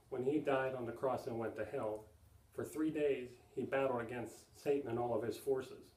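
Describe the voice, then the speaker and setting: A man's voice: medium pitch, mellow, roomy sound, far from the mic, low-quality recording. A man giving an earnest sermon-style teaching, plainly explaining with repeated asides to his listeners. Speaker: preacher.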